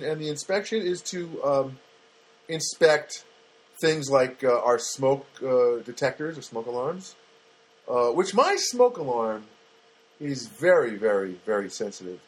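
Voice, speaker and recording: This podcast host's voice is a little high, with big pitch swings and a measured pace. A comedian, he wanders through a rambling monologue about daily annoyances, self-deprecating and wry, stumbling over fillers and restarting often.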